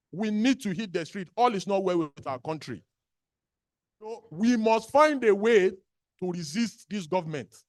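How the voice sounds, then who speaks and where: A man's voice: sits high, dry recording, studio quality. A man with a Nigerian accent giving an impassioned public speech as an activist, repeating phrases for emphasis. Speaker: activist speaker at a birthday gathering.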